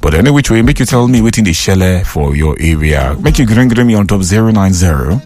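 A man's voice: on the low side, expressive, fast talker, music in the background. A man with a Nigerian Pidgin English accent hosting a radio call-in show from a studio, animatedly reading out listener messages. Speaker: radio host.

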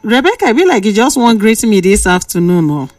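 A woman radio presenter speaking with a Nigerian Pidgin accent, lecturing listeners and bantering with callers in a lively, preachy way. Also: mid-range voice, brisk, dry recording, soft background music. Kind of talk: call-in radio talk.

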